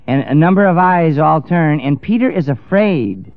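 A man's voice: fairly high pitch, expressive, moderate pace, few pauses, no room sound. A man preaching a storytelling sermon in a dramatic manner, acting out the characters. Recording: dull dry lo-fi recording, faint music.

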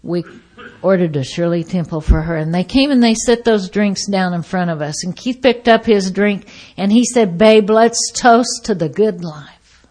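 Speaking at a meeting about her own recovery, a woman with a mid-range voice impersonates the people involved, swinging from loud bursts to quiet asides at a moderate pace.

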